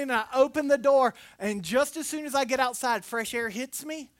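A woman preaching a sermon, telling personal stories in an animated way and jumping into acted quotes. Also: high-pitched, fairly quick, hardly any pauses, no echo, clean studio sound.

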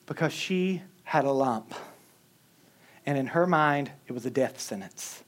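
Animated, joking preacher man. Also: on the high side, unhurried. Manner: animated, humorous storytelling with chuckles. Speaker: pastor. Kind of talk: sermon.

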